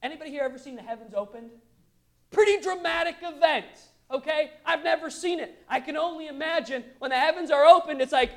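Male pastor, high-pitched voice, animated sermon delivery with soft asides and big emphatic peaks. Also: brisk. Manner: animated, swinging from quiet asides to loud emphatic bursts.

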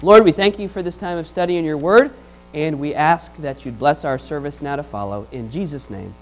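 A pastor with a high voice for a man delivers a sermon. He talks in a conversational, animated way and briefly acts out the people he describes. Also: brisk, soft background music, low-quality recording.

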